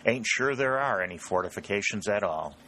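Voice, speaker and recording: A cool, drawling rural farmer who gives nothing away , as a man puts him on. The voice sits deep and unhurried in this storybook reading. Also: expressive, pushed and bright, a little hiss or hum, poor audio.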